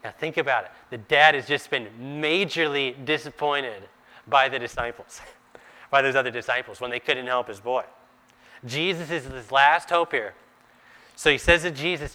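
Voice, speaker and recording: A man's voice: on the high side, normal speed, bright, forceful tone. A man preaching a sermon, acting out the scripture's dialogue with rising intensity and sometimes dropping to a near whisper.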